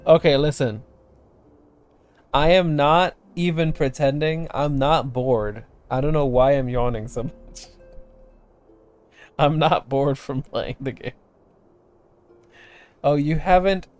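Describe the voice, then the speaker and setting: A man's voice: fairly high pitch, slow pace, long pauses, a little mellow, faint music behind. A young man casually commenting on a game while live-streaming, blunt and exasperated, cursing at the screen and laughing with his chat. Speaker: VTuber streamer.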